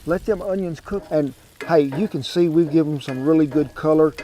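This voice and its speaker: A man's voice: a little high, a little fast, dark tone, a little hiss or hum. A man hosting a casual cooking demonstration outdoors, talking in a folksy, chatty drawl. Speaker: cooking show host. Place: outdoors by a smoker grill.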